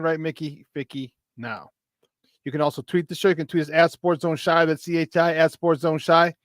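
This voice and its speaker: Animated male sports radio host. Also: a little high, fairly quick, no echo. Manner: animated, hypey, laughs often. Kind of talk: morning sports talk show.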